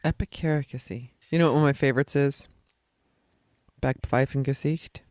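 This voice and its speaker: A man co-hosting a podcast in casual chat, jokey and quick to mock, now and then trying out silly voices. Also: medium pitch, fairly even intonation, a little mellow, no echo, clean studio sound. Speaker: podcast co-host.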